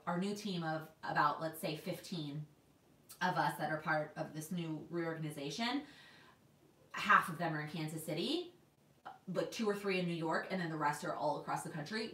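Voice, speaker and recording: A woman in her twenties, originally from Texas, livestreams from her home in New York as a planner vlogger, chatting casually and reading viewer comments aloud. Her voice is low with a fairly bright tone, captured on a distant mic in a reverberant space, and she restarts often.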